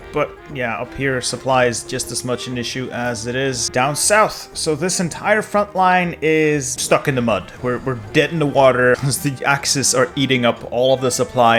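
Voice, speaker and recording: A man talks through his strategy game in a mid-pitched voice, ranting with exasperated, sarcastic asides. A faint guitar plays behind him. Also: a bit bright. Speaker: gaming YouTuber. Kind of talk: gameplay commentary.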